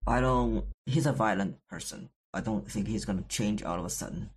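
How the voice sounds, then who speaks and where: A man's voice: lowish voice, normal speed, husky. A man narrating his character in an improvised tabletop role-play, plain and matter-of-fact.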